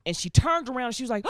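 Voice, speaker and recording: Brief: woman stand-up comic, storytelling set, swooping animated delivery, slips into character voices. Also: a little high, no echo, clean studio sound. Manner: lively storytelling, acts out characters in put-on voices. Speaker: stand-up comedian. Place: comedy stage before a laughing audience.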